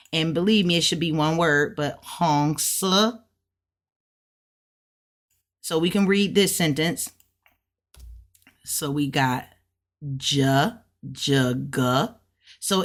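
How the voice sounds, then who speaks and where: A woman with a lowish, somewhat bright voice runs a casual self-study lesson in Mandarin. She sounds out syllables and repeats each several times, thinking aloud whenever she's unsure of her pronunciation.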